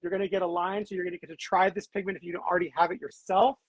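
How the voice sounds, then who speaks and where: A woman with a husky, slightly breathy voice hosts a casual live stream. She is upbeat and talkative and keeps calling her viewers "guys". The sound is dry and close, as on a video call. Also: fairly low pitch, flat delivery, racing, dry recording. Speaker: host.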